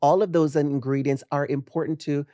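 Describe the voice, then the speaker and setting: Man, late fifties, from the West Indies, guest makeup artist, casual chat, animated, dry close mic. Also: a little high, no echo. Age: 50s. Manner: animated, laughing, drawn-out emphasis.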